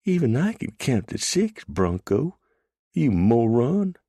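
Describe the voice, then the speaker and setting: A male narrator voicing a saucy young woman held captive, raising his voice high and speaking with mocking confidence. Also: very animated, slow, warm tone, breathy edge, no room sound, clean studio sound, full character voice.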